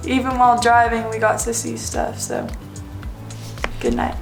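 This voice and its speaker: A woman's voice: a little high, level tone, a little slow, reverberant. A woman in a travel vlog, recapping her favorite day in an easygoing, upbeat way. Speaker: travel vlogger. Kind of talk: casual travel vlog chat. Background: background music.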